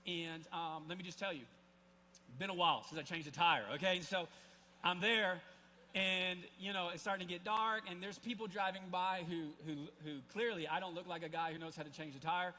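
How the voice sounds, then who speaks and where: A man's voice: high voice, steady tone, a little fast, sharp tone, slight background noise. A man in his forties preaching a sermon to a live congregation, telling a personal story in a loose, conversational way full of restarts and asides. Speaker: pastor. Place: church service, live before a congregation.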